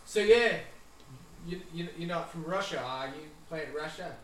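A man's voice: on the high side, moderate pace, a little hiss or hum, natural voice. Guy doing a rambly goofy alien dude, very echoey room, sounds far off the mic. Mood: chatty. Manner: rambling, jokey, tangent-prone. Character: odd offbeat alien man, chatty and rambling.

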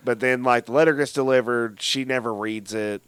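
A man co-hosting a movie podcast in loose, profane chat, mocking the characters as he retells the plot. His voice sits in a middle pitch. The sound is dry and close to the mic. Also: fairly even intonation, normal speed, fairly bright tone, clean tone, no echo. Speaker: podcast co-host. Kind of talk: casual film discussion.

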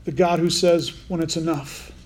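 Pitched on the high side, with a darkish, steady tone, a man speaks at normal speed in an informal Bible sermon. It's conversational preaching, and he puts questions to the listeners throughout.

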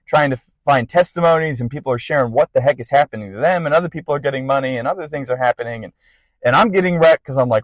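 A young man hosting a podcast, telling a personal faith testimony in a casual, rambling way with bursts of excitement. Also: medium pitch, quick pace, dry recording, low-quality recording. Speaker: podcast host.

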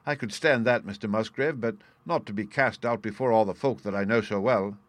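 A man voicing a proud butler in disgrace who pleads in a voice hoarse with emotion. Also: fairly low pitch, brisk, no room sound, lightly acted. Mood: pleading.

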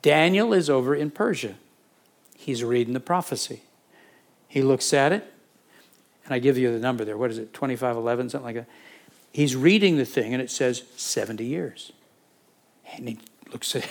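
A pastor giving a sermon, teaching from scripture in a conversational way, with asides and questions put to the congregation. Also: male voice, mid-range voice, moderate pace, gravelly, pauses often. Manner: conversational, with asides and self-corrections.

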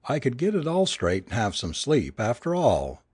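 Man, audiobook narrator, dramatic reading, lively intonation, dry close recording. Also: medium pitch, moderate pace, husky, no room sound. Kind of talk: audiobook narration of a first-person ghost story.

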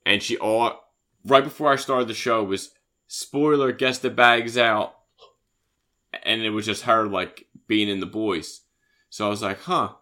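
Bright-voiced, stammering man. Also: on the low side, fairly even intonation, unhurried. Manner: stammering, repeats words. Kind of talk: casual chat.

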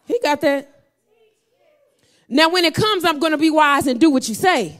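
A woman preaching a sermon, talking with her congregation and building to shouts. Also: extremely high pitch, expressive, moderate pace.

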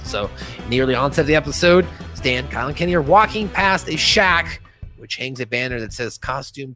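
Podcast guy recapping a cartoon ep, gets loud and animated reading the lines, faint music under it. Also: on the high side. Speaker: podcast host.

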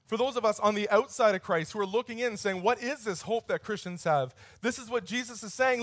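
A man in his thirties preaching a sermon with a fairly high voice, telling stories in an easy, conversational way. He leans in and pushes harder when he drives a point home. The sound is close and dry, with no room echo. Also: brisk, hardly any pauses, a bit bright. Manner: conversational storytelling, rising intensity on key points. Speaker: pastor.

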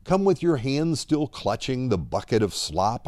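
Slow dramatic preaching man. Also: mid-range voice, big pitch swings, no room sound. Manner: dramatic, drops to a hush at line ends; slow and deliberate. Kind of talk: dramatic devotional sermon.

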